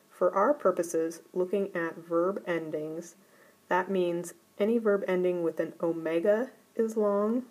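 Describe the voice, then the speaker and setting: Slow, careful woman teaching a lesson. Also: lowish voice, mellow, low-quality recording. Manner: slow, careful and deliberate explanation. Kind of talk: recorded grammar lesson.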